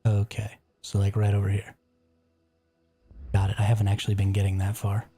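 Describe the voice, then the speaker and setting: A man's voice: fairly low pitch, monotone, fairly quick, mellow, slightly rough, soft background music. A man streaming a survival game live, chatting casually, reacting aloud and answering his viewers. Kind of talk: casual live gameplay commentary.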